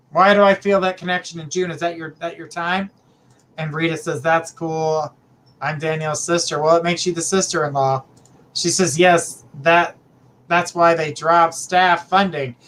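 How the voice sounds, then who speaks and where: High-pitched and a bit bright, the voice is that of a middle-aged psychic reader hosting a livestream. He talks casually and fondly with viewers, using pet names like sweetheart and honey.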